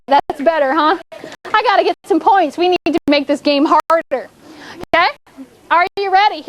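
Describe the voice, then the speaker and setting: A woman's voice: extremely high pitch, fairly bright tone, slight background noise, low-quality recording. A woman teaching a classroom, coaxing pupils through call-and-response prompts. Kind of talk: classroom instruction.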